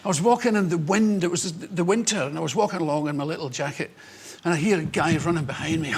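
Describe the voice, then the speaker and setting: Husky high-voiced Scottish man. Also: quick pace. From Scotland. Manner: animated, acts out voices in his stories. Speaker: comedian guest. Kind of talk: anecdotal interview storytelling.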